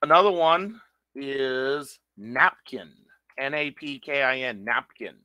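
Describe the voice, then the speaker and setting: A male English teacher lecturing an online class, lively and joking as he acts out puzzled students' reactions. His voice is bright and forceful, sitting in a middle pitch range for a man. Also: slow pace, no echo, low-quality recording. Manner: animated and joking, acting out confused listeners.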